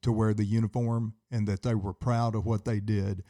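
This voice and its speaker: Older veteran guest, sixties, mellow and earnest, speaks from the heart. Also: male voice, fairly low pitch, flat delivery, normal speed. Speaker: interview guest, Army veteran. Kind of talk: interview.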